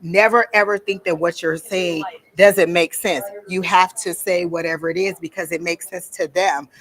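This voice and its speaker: Teaching a workshop at a psychic fair's event room, a woman speaks casually and bluntly, acting out the voices she quotes. Her lowish voice is steady and a bit bright, at a moderate pace.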